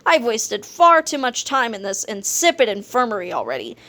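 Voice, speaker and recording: A woman's voice: on the high side, big pitch swings, sharp tone, heavily acted. A woman doing a pompous villainous gym teacher. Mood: haughty. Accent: put-on British. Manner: haughty, slow and grand.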